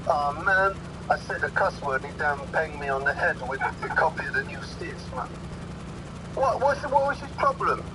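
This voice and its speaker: A man's voice: on the high side, animated, normal speed, noisy background, pitched above the performer's own voice, close to an everyday voice. A man voicing two young men who gossip in street slang, chatty and incredulous. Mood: gossipy.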